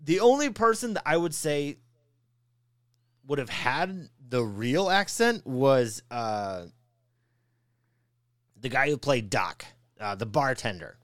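A man's voice: medium pitch, slow, pauses often, no echo. Guy on a podcast mic, swearing a lot, ranting loose, dry close sound. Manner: profane, ranting, animated. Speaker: podcast co-host. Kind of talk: casual podcast chat.

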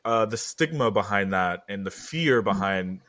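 Animated man in his thirties, dry sound. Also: measured pace, no room sound. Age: 30s. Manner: animated storyteller, acts out quotes with big pitch jumps. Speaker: podcast guest. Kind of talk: casual conversation.

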